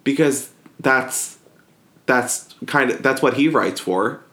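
A man co-hosting a casual book podcast, speaking at an ordinary middle pitch. He rambles along with plenty of "like" and breaks into laughter easily. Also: fairly bright tone. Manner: rambling, heavy use of "like", quick to laugh. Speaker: podcast co-host. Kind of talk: casual book-club chat.

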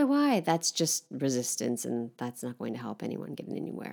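Low gravelly woman teaching French. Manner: gentle, unhurried, spells words letter by letter. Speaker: French teacher and podcast host. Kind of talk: relaxed podcast language lesson.

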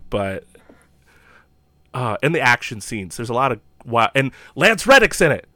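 A man's voice: medium pitch, very animated, moderate pace, pushed and bright, no echo. A man co-hosting a casual podcast from home, rambling with enthusiasm and lots of fillers. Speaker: podcast co-host. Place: home room.

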